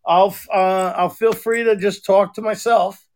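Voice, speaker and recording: High, gravelly-voiced podcast co-host. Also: male voice, steady tone, measured pace. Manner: profane, rambling storyteller, acts out quoted voices. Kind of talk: casual chat.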